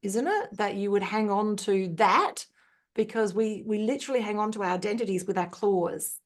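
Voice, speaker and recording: A woman speaks as a podcast guest, her voice sitting at an ordinary middle pitch. She tells her story earnestly and thoughtfully, pausing on ums and restarting sentences as she works through each point. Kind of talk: reflective personal storytelling.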